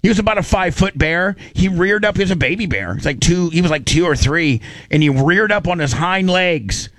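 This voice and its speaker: A man's voice: high voice, brisk, no room sound. Brief: male radio host, rowdy storyteller, dry close sound. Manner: animated, raunchy, repeats himself. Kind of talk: casual storytelling chat.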